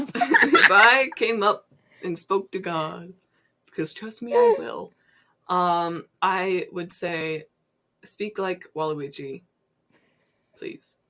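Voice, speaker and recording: Casting: young woman co-host, low-ish but lively bright voice, giggly riffing. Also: extremely slow, pauses often. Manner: giggly, animated, silly riffing. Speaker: podcast co-host. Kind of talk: casual chat.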